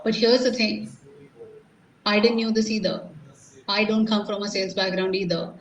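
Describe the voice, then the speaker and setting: A woman's voice: mid-range voice, fairly even intonation, normal speed, distant mic, lo-fi sound. A middle-aged Indian-accented woman speaks as a sales coach at a live seminar, driving her points home with rhetorical questions to the crowd. Her voice sits in a mid register and comes from a little away from the mic. The room is echoey, with a faint hum of ambience behind her. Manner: emphatic, rhetorical questions to the audience. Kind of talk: live motivational seminar talk.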